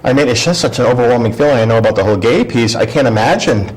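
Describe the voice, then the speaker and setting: A man's voice: mid-range voice, lively intonation, rapid-fire, darkish tone, poor audio. A middle-aged man, a guest on a talk show, telling a personal story in a casual way. He acts out the voices he quotes and often restarts his sentences.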